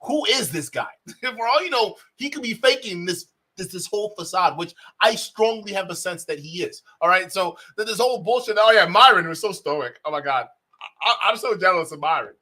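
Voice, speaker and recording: A man's voice: sits high, lively intonation, brisk, pushed and bright, breathy edge. A man hosting reaction commentary, mocking and incredulous, laughing often between remarks. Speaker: commentary host.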